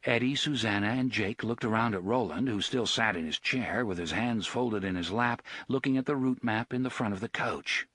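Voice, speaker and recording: A man narrating an audiobook in a steady, expressive reading voice. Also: fairly low pitch, normal speed, hardly any pauses, breathy edge, no room sound.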